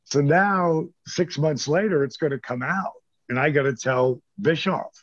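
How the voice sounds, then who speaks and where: A man, a former wrestler telling stories in a casual interview, animated and swearing freely while he acts out the people he quotes. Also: on the high side, a little slow, dry recording, muffled recording.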